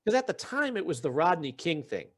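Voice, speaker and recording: A man hosting a podcast retells a story in casual chat, acting out the quotes and frequently restarting his sentences. His voice is fairly high and fairly bright, with big pitch swings and a brisk pace.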